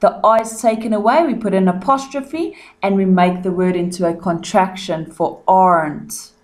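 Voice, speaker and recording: A South African woman teacher going patiently over tricky words in a recorded lesson, explaining each one clearly. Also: mid-range voice, moderate pace.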